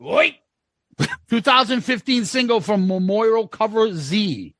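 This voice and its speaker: A man with a high, gravelly voice co-hosts a podcast in loose, casual chat. He swoops up and down a lot as he talks. He's blunt and profane and laughs often, recorded close and dry. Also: lively intonation, measured pace, a bit bright, no echo. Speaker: podcast co-host.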